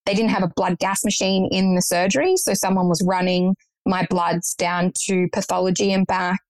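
A woman's voice: lowish voice, steady tone, moderate pace, no echo, rough recording. Young woman, earnest guest, dry sound. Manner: earnest, reflective, matter-of-fact. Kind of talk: personal story in conversation.

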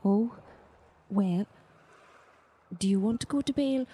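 A woman's voice: mid-range voice, measured pace, warm tone, husky. A woman voicing a nervous, polite young bird-person cleric who speaks hesitantly.

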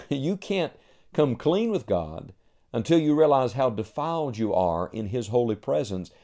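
A man's voice: medium pitch, dark tone. A man preaching a sermon in an emphatic, rhythmic cadence, reading scripture aloud between his points.

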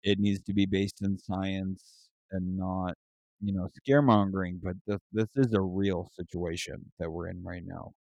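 A man's voice: low voice, little pitch movement, normal speed, darkish tone, no room sound. A man hosting a podcast in casual talk, blunt and swearing freely. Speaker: podcast host. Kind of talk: casual conversation.

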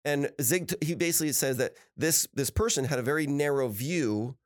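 A man hosting a podcast, telling personal stories in a casual, animated and upbeat way, often laughing as he talks. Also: a little high, a little fast. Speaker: podcast host. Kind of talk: casual storytelling chat.

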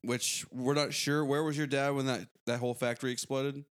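A man guesting on a casual podcast, teasing the host in a dry, deadpan way. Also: mid-range voice, a little fast, smooth.

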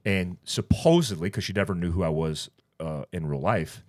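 A man's voice: sits low, normal speed. A middle-aged man co-hosting a podcast, telling a story casually and acting out the other people's lines. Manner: rambling, animated retelling with quoted dialogue. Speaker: podcast co-host.

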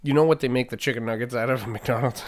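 A man co-hosting a casual live show, animated and playfully complaining as he talks. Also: mid-range voice, quick pace. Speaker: co-host. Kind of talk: casual chat.

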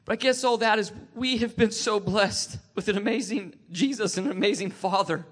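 A man with a high-pitched, slightly bright voice shares a personal faith testimony. He is emotional and tearful, halting and restarting many times.

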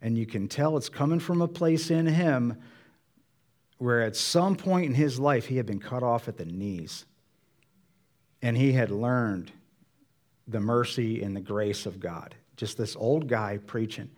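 A man's voice: mid-range voice, unhurried, a little mellow. Man preaching a conversational sermon. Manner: conversational preaching, acts out Bible dialogue in voices. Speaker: pastor.

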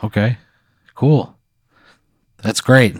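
Excitable, foul-mouthed man. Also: mid-range voice, slightly rough, dry recording, clean studio sound. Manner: profane, excitable, quick to protest. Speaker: co-host answering a hypothetical. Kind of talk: improvised comedy banter.

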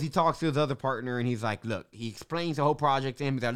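A man telling the story of launching his business in a casual, animated monologue, swearing and laughing now and then. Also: medium pitch, fast talker, few pauses, smooth. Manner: animated, swears, laughs between beats, restarts often.

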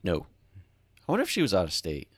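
Podcast co-host, male, deep voice, dry close mic, animated storyteller. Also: quick pace, husky, dry recording. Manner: animated storyteller, acts out shouted quotes. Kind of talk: casual chat.

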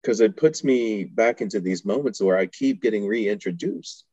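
A man's voice: on the low side, normal speed, dark tone, no echo, dull audio. A man from Houston telling stories in casual chat as a podcast guest, laughing often and acting out the voices of people he quotes. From Houston, Texas. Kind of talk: casual storytelling.

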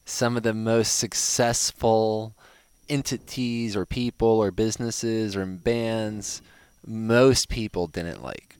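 Low-voiced enthusiastic male podcast host. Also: fairly even intonation, takes it slowly, darkish tone, clean tone, dry recording. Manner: enthusiastic, filler-heavy with lots of "like". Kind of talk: casual interview chat. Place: home in Hawaii.

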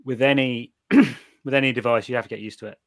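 British man, middle-aged, casual chat, animated storyteller, dry close mic. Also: medium pitch, quick pace, gravelly, no room sound. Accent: British English. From Britain. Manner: animated storytelling, frequent restarts and swearing. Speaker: guest reviewer of night vision gear.

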